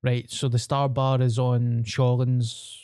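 A man's voice: mid-range voice, little pitch movement, slow, mellow, smooth, no echo, studio quality. A young Glaswegian man in casual, sweary podcast banter. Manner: sweary, laid-back banter. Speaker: podcast co-host. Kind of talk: casual chat.

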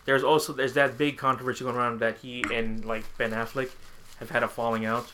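A man's voice: mid-range voice, level tone, a little fast, sharp tone, a little hiss or hum. A young man co-hosting a podcast in casual chat, rambling and laughing often as he quotes movie lines. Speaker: podcast co-host.

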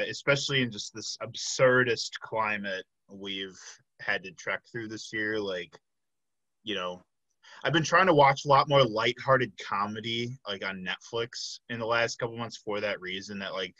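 A man hosting a casual podcast interview, with a fairly low voice that still has a forceful, bright edge. He talks hesitantly, full of fillers, and his voice often trails off softly. The recording is dull, lo-fi and dry. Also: dry recording. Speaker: podcast host.

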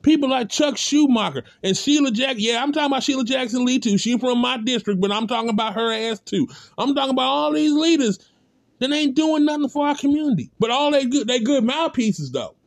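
A man's voice: extremely high pitch, brisk, no room sound. A man giving a blunt, impassioned spoken rant, hammering points with repeated rhetorical calls and casual speech. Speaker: commentator.

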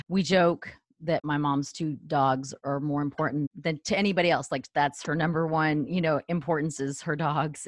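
A middle-aged woman with a notably low voice speaks candidly and chattily, working through her thoughts out loud. The sound is dry and close, with no room around it. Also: no room sound. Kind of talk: casual conversation.

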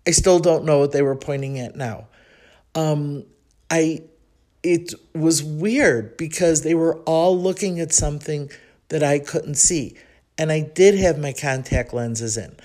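Hosting her own podcast, a Chicago woman from the United States recounts a personal story in a low, warm voice and a Chicago accent. She muses out loud in a chatty, reflective way, often pausing briefly and starting over.

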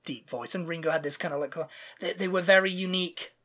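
A woman chatting casually as a podcast co-host. Her voice sits low for a woman, and she rambles, starting her sentences over and over. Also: fairly even intonation, quick pace, a bit bright. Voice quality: rambling, with many restarts. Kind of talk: casual chat.

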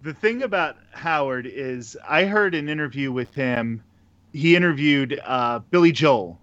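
A man who works in radio, a guest in a casual interview, telling stories in a relaxed way and laughing between points. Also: medium pitch, a little slow, dry recording, muffled recording.

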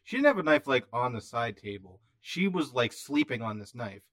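A man co-hosting a podcast, making sarcastic, deadpan wisecracks while discussing a movie. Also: medium pitch, normal speed. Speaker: podcast co-host. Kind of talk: casual chat about a movie.

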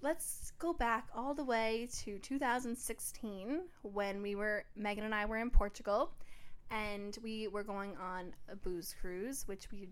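An American woman co-hosting a podcast, telling a story in a lively, chatty way and laughing often. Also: mid-range voice, measured pace. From New York, US. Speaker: podcast co-host. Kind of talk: casual chat.

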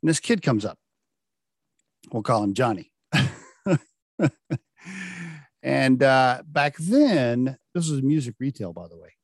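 A middle-aged man telling a casual anecdote about his job. He laughs often and acts out the dialogue with lively shifts in his voice. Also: medium pitch, takes it slowly, long pauses, no room sound, studio quality. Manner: animated, laughing often, acting out quoted dialogue. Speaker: storyteller recounting a work anecdote.

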